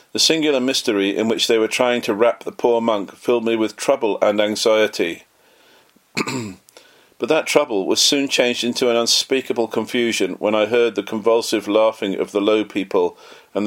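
A man reading a memoir aloud in an earnest, measured way, lightly voicing the quoted lines. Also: on the low side. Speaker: audiobook narrator.

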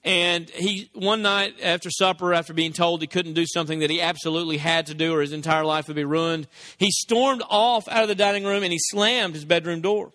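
A man preaching a sermon, telling stories and acting out voices with big pitch swings. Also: fairly even intonation, fairly quick, bright, forceful tone, no room sound.

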